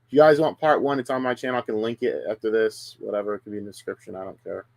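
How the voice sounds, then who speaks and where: A man's voice: lowish voice, fairly even intonation, rapid-fire, creaky, darkish tone, no room sound. A man streaming heated casual talk, combative and profane, ranting at rivals on a close, dry mic.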